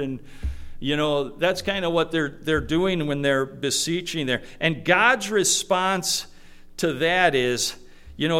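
A man's voice: a little high, unhurried, bright, forceful tone, clear, resonant tone. A man preaching a sermon in a conversational way, teaching verse by verse, often repeating words and acting out the voices he quotes.

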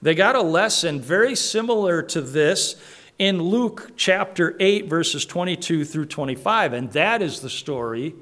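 Slightly high-voiced man preaching a sermon. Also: animated, unhurried, a bit bright. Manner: conversational preaching with many restarts and asides. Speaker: pastor.

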